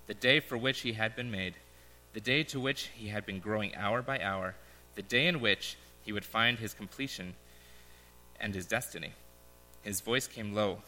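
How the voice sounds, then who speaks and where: Young preacher with a bright ringing voice. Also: male voice, lowish voice, normal speed. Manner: casual, joking, then reads a story aloud. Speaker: pastor. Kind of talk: sermon. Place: church hall. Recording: echoey large hall.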